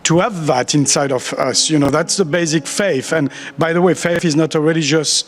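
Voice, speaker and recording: A man's voice: fairly high pitch, normal speed. A man from France with a French accent, giving a chatty, playful, self-mocking conference talk in a large auditorium. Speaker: conference speaker.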